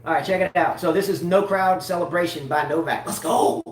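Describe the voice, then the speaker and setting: Guy rambling about tennis, kinda high voice, echoey room a bit off mic. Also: brisk, far from the mic, a little hiss or hum. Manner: rambling, restarts often. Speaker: tennis show co-host. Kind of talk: casual tennis chat.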